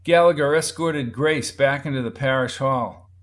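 A male audiobook narrator reads a crime novel at a normal speed in a mid-range voice, adjusting his delivery for the characters' lines.

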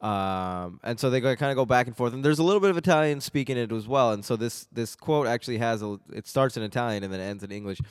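A man's voice: medium pitch, fast, hardly any pauses, clean tone, no room sound, studio quality. A man co-hosting a casual podcast, laughing often and acting out movie lines in put-on voices. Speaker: podcast co-host. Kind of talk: casual chat.

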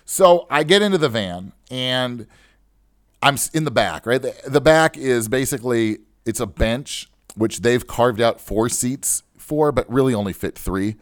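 Male podcast host, animated pitch, dry close mic, chatty storytelling, rhetorical asides. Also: unhurried, dry recording. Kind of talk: storytelling monologue.

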